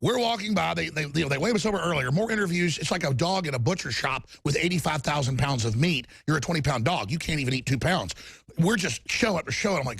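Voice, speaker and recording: A middle-aged man hosting heated political talk, combative and fast, mocking people with put-on quotes. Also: on the high side, animated, gravelly, fairly bright tone, slightly rough, no echo. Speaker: talk show host.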